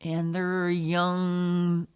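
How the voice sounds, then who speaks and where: A woman's voice: lowish voice, monotone, very slow, smooth. A middle-aged American woman, an author interviewed in casual chat, telling stories with effusive exclamations. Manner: effusive, warm storyteller with exclamations. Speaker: author guest.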